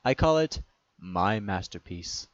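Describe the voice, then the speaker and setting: A man voicing a pompous, smug gentleman musician, on a dull, dry recording. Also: on the low side, expressive, slow pace, no room sound.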